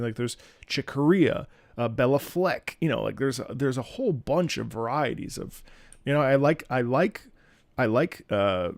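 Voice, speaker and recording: Gravelly laid-back man. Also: mid-range voice, no echo. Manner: laid-back, swears freely, restarts often. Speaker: streamer. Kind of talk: casual commentary over game music.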